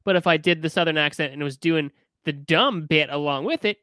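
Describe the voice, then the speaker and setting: A man's voice: on the high side, brisk, sharp tone, clear, resonant tone, dry recording. A man hosting a casual chat over a video call, blunt and teasing. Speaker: podcast host.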